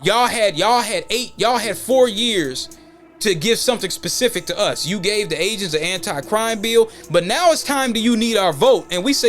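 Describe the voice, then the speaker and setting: A man hosting a podcast in an animated opinion rant, mocking the voices he quotes. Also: high-pitched, normal speed, soft background music. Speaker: podcast host. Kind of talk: casual opinion monologue.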